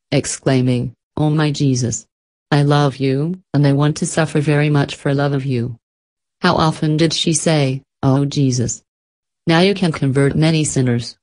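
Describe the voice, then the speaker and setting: A woman narrating an audiobook in a calm, reverent reading. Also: low voice. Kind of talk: scripted narration.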